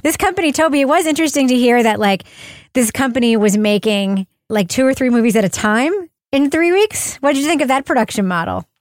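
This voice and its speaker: A woman's voice: fairly high pitch, lively intonation, a little fast, no echo, studio quality. Wry woman hosting a podcast. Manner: wry, joking, asks others in. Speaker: podcast host. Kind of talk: casual chat.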